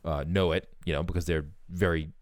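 A man's voice: sits low, steady tone, a little fast, darkish tone, no room sound, studio quality. A man with a Boston accent co-hosting a podcast, joking and teasing in casual chat. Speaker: podcast co-host.

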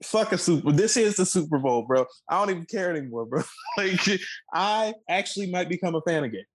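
A man's voice: sits high, expressive, fairly quick, rough recording. A man in his twenties from the Washington, D.C. area, co-hosting a sports talk show with a heated, profane, emphatic rant. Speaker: co-host.

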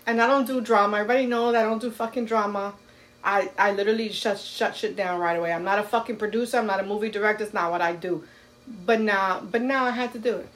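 A woman's voice: mid-range voice, quick pace, fairly bright tone. A woman co-hosting a podcast, ranting bluntly and profanely in casual chat. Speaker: podcast co-host.

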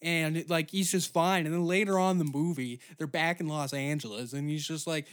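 A man's voice: a little high, moderate pace, hardly any pauses. A man from Canada hosting a comedy podcast, rambling through a crude, absurd monologue. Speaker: podcast host.

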